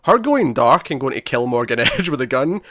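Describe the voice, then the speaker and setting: A man co-hosts a casual podcast chat at a middle pitch, rambling through his points. He restarts his sentences often and laughs easily. The mic is dry and close. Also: big pitch swings, moderate pace, fairly bright tone, no room sound. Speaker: podcast co-host.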